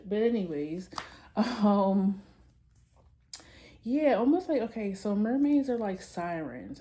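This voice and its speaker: Mellow-voiced woman giving a tarot reading. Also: lowish voice. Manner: chatty, loose and musing, addresses viewers directly. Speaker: tarot reader. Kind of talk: casual tarot reading to camera.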